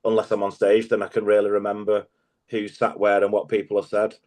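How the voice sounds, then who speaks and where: A man's voice: on the low side, monotone, a little fast, darkish tone. A middle-aged man, a guest comedian, chatting casually in an interview, telling stories, laughing often and swearing freely.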